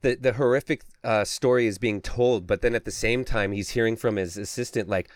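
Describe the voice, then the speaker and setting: A man's voice: fairly low pitch, fairly quick, no room sound. Rambling male podcast co-host. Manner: rambling, animated retelling with many fillers. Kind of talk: casual chat.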